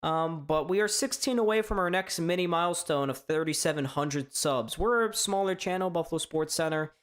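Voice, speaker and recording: A man from hosting a live sports reaction stream, chatting casually in a strained, hoarse voice, rambling and stammering through restarts. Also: on the high side, moderate pace. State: voice straining from shouting. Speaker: sports fan livestream host.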